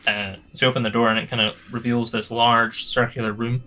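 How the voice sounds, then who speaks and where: A man's voice: medium pitch, flat delivery, brisk, pushed and bright. A man narrating as game master in a tabletop game, rambling with many fillers and restarts. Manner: rambling, hesitant, lots of fillers.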